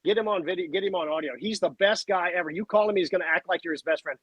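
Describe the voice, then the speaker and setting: A man, a podcast guest telling stories in a casual, animated way. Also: high-pitched, racing, husky, no echo, low-quality recording. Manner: animated, acts out voices and sounds. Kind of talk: casual storytelling chat.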